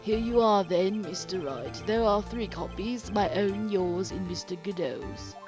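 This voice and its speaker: A woman voicing a formal, pompous elderly male judge in a game, speaking in a measured way. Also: mid-range voice, over music, close to an everyday voice. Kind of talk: let's play character voice.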